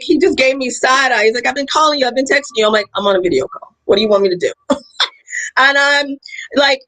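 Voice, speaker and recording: A woman's voice: high-pitched, a bit bright, rough recording. A woman hosting a livestream over a video call, chatting casually, laughing often and telling stories with animation. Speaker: livestream host.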